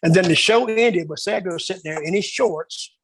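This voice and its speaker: Gravelly man telling rambling stories. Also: high-pitched, normal speed, no echo, low-quality recording. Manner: rambling storyteller who acts out quoted dialogue. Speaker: guest storyteller. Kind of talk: casual anecdotal interview.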